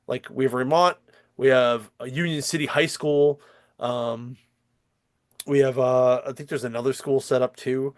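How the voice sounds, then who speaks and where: A man's voice: mid-range voice, fairly even intonation, measured pace, no echo. A man hosting a comics podcast, chatting casually in a rambling, profane way with lots of fillers and restarts. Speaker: podcast host. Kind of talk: casual chat.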